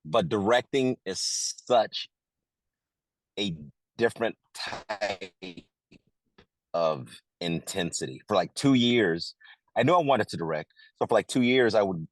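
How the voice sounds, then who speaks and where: A middle-aged man, an actor who also directed, telling a casual story in an interview, lively and full of restarts. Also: on the low side, measured pace, no echo. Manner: animated, acts out quotes, many restarts.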